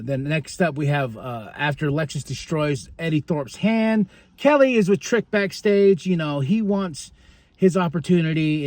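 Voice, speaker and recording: Podcast host, male, higher-pitched, excitable casual recapper, dry close sound. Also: dry recording. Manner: excitable, chatty, laughs often, acts out quotes.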